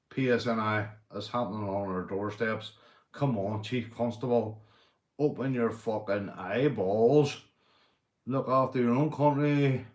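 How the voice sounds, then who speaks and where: A man's voice: mid-range voice, roomy sound. Sweary Northern Irish man ranting. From Northern Ireland. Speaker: livestream host. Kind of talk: casual livestream rant.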